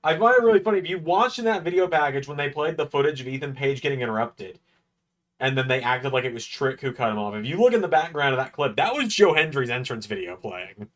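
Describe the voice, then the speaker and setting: A young man hosting a casual watch-along, chatty and knowledgeable with quick asides. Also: mid-range voice, lively intonation, fairly bright tone. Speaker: host.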